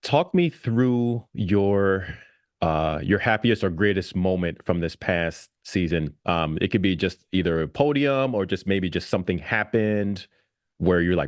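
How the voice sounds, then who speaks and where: A man's voice: deep voice, unhurried, dry recording, studio quality. A man hosting a casual interview, laid-back and using loose slang. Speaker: interview host.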